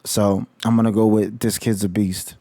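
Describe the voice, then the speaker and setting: A man's voice: fairly low pitch, level tone, moderate pace, warm tone, no echo. A man vlogging about college football in a heated, slangy rant full of swearing. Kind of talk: casual profane rant.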